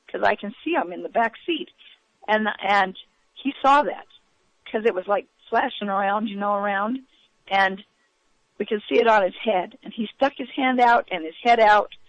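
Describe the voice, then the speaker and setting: A woman recounting events as an interview guest, in a halting way with many fillers and restarts. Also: mid-range voice, a bit bright, no echo. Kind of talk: eyewitness account in a radio interview. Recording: dull, lo-fi radio audio.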